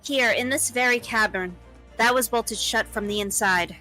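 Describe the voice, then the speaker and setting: A woman voicing a polite, earnest young female assistant, reading dialogue aloud in a lively way. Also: fairly high pitch, moderate pace, faint music behind, poor audio.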